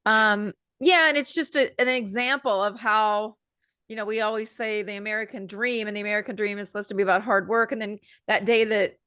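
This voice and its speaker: A woman's voice: medium pitch, steady tone, a little fast, pushed and bright, smooth, no room sound, studio quality. A woman co-hosting a casual chat, nasal and congested from allergies, opinionated and rambling with fillers. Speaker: co-host.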